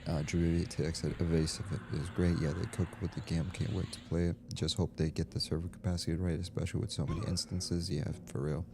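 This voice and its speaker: A man's voice: sits low, level tone, quick pace, gravelly, few pauses, background noise. A man streaming a game, rambling casually, reading chat aloud and laughing easily. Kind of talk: casual livestream chat while gaming. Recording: game music playing behind. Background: game music.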